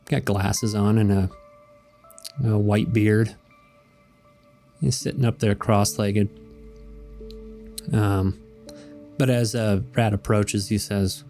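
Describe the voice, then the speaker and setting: A man's voice: lowish voice, fairly even intonation, slow, pauses often, mellow, soft background music. A man hosting a show where he reads comic strips, chatting casually in a rambling, hesitant way and chuckling now and then. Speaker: host.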